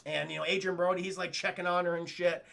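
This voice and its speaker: High, gravelly man recapping a movie. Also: level tone, fast, a bit bright. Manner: profane, rambling, addresses chat. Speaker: streamer reviewing a film. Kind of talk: casual live-stream film recap.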